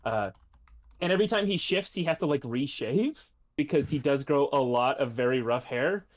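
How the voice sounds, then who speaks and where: A man playing a tabletop game, chatting casually and easily with quick asides. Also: medium pitch. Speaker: player. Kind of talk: casual tabletop chat on stream. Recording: dull, muffled online mic.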